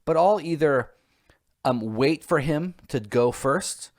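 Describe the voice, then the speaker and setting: A man's voice: fairly high pitch, lively intonation, takes it slowly. A man co-hosting a podcast in casual chat, rambling and self-reflective, with many fillers and restarts. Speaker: podcast co-host.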